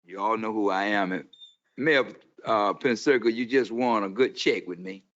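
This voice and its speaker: A man's voice: fairly low pitch, moderate pace, a bit bright. Preachy man at a council podium. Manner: preachy, confrontational, quotes scripture. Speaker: public commenter. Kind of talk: impassioned public comment. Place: city council chamber. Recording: dull lo-fi meeting audio.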